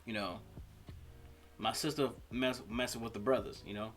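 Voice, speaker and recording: A man hosting a reaction video, talking through personal stories in a rambling, halting way with many fillers. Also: mid-range voice, steady tone, fairly bright tone, soft background music. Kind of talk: casual reaction commentary.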